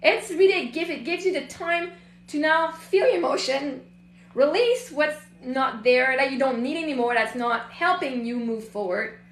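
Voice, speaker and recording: Middle-aged woman coach, high and bright voice, blunt and animated, recorded in an echoey room. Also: normal speed, slight background noise. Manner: blunt, swears freely, animated storytelling. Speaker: host, emotional healing coach. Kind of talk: casual motivational talk.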